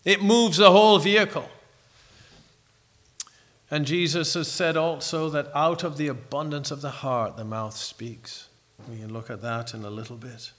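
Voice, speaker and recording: A middle-aged man preaching a sermon in an earnest, reflective way, pausing and restarting as he tells a story. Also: fairly high pitch, fairly even intonation, fairly bright tone.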